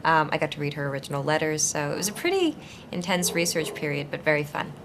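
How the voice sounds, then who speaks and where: Woman, twenties, low pitch, thoughtful, hesitant, interview answers. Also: expressive, fast, a bit bright, a little hiss or hum. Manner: thoughtful, searching, frequent fillers and restarts. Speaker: actress being interviewed. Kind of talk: conversational interview.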